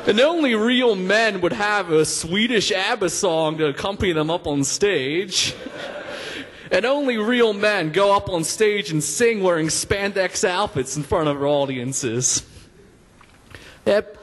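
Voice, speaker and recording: A man's voice: high voice, lively intonation, slow, long pauses, a bit bright, slight background noise. A young man doing a stand-up comedy set on a stage, rambling through his jokes with many fillers and laughing at his own lines. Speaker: stand-up comic. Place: stage in a hall. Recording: long hall reverb.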